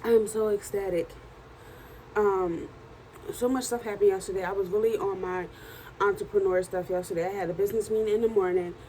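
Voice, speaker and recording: Hoarse, tired woman telling her day. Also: mid-range voice, a little fast, slight background noise, poor audio. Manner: chatty, animated storytelling. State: hoarse, worn-out voice. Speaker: vlogger and journal author. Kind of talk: casual video diary.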